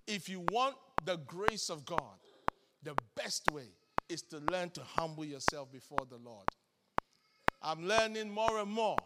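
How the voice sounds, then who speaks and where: A high-pitched man preaches with insistent repetition, putting questions straight to the congregation. His voice rings with long reverb, as if in a large hall. Heavy noise sits under it throughout. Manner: emphatic, repeats phrases for effect. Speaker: bishop preaching. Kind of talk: sermon.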